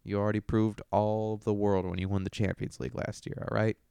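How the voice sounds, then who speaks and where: Foul-mouthed young male host riffing on match results; smooth, resonant low voice. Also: little pitch movement, a little fast, warm tone, dry recording, studio quality. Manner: profane, brash and joking. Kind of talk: casual sports commentary monologue.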